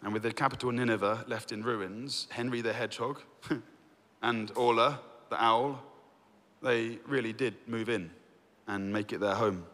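A man teaching through a Bible book, reading verses aloud and telling it with lively storytelling. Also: medium pitch, a little slow. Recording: long reverb.

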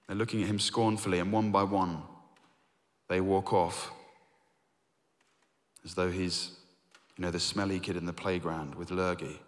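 A man preaching a sermon, earnest, rising to emphatic points and then dropping to hushed, reflective lines. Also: low voice, steady tone, a little slow, pauses often. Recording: long hall reverb.

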